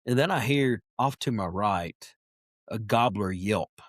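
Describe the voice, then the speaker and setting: Man, low-pitched, animated storyteller, throat-clearing, dry room. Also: a little slow, dry recording. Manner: animated storyteller who acts out voices, clears throat often. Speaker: podcast guest, wildlife biologist. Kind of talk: casual storytelling.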